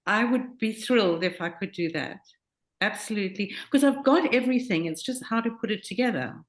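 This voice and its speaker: A woman's voice: medium pitch, fairly quick. A woman asking a question as a prospective student, speaking in a hesitant, earnest way.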